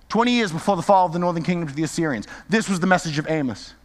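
A high-pitched man delivers a lively, conversational sermon and keeps checking in with his listeners. His voice carries a long hall reverb, as if he is speaking in a large space. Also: rapid-fire, hardly any pauses. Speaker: Bible teacher.

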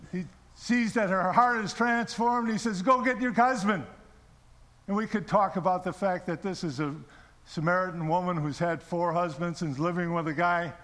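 Middle-aged man, high voice, sermon testimony, storytelling, echoing church hall. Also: a bit bright. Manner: storytelling, repeats words, asks the audience questions. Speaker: preacher.

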